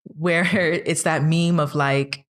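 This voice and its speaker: A woman in her thirties with a notably low voice, chatting on a podcast. She talks earnestly and keeps pressing questions, building steam as she goes. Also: fairly even intonation, slow pace. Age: 30s. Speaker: podcast co-host. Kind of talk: casual chat.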